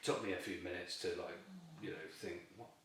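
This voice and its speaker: A man's voice: low-pitched, a little fast, distant mic. Man, echoey and off-mic. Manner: lively, chatty, laughs often while telling the tale. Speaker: carp angler, fishing team member. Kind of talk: casual storytelling in an interview. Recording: very echoey room, voice off-mic with faint noise.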